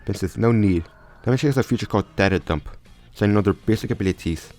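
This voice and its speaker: Speaking quickly in a fairly low, darkish voice, a man casually makes up a fan crossover story as he goes. His sentences keep faltering and restarting, and there's faint music behind him.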